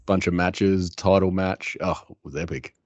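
A man's voice: low voice, fairly even intonation, normal speed, a little mellow, dry recording, dull audio. A man co-hosting a casual podcast, cracking dry jokes. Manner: dry, joking. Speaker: podcast co-host.

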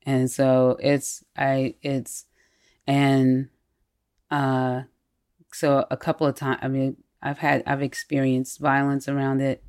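Woman, deep low voice, candid, animated personal storytelling, casual chat. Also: slow pace.

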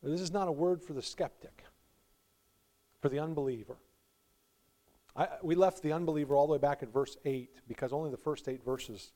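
A male pastor preaching a sermon, swinging from quiet reflection to loud, pleading emphasis, with warm laughs between points. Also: fairly high pitch, moderate pace, long pauses.

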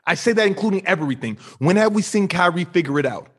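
A man's voice: sits high, expressive, fast talker, breathy edge. A man co-hosting a heated sports debate show, insistent and repeating himself as he talks over others. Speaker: basketball debate co-host.

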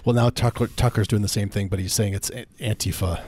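A man co-hosting a remote comedy podcast, adding dry deadpan one-liners. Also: lowish voice, fast, a little hiss or hum. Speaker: podcast co-host. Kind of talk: improvised comedy chat. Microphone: remote recording setup.

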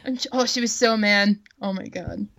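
A young woman in casual chat, blunt and profane and quick to laugh as she swaps stories about rude customers. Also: mid-range voice, gravelly, fairly bright tone. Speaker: former craft store worker.

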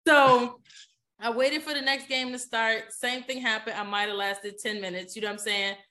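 A woman's voice: a little high, moderate pace. Chatty woman telling a story. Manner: animated, chatty, keeps asking "you know what I'm saying?". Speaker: podcast guest, poker player. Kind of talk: casual storytelling in an interview.

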